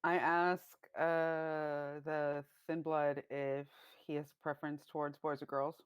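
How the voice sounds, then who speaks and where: A woman's voice: deep voice, little pitch movement, slow pace, clear, resonant tone, highs cut off. A woman playing a tabletop game, talking casually with many fillers. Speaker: player.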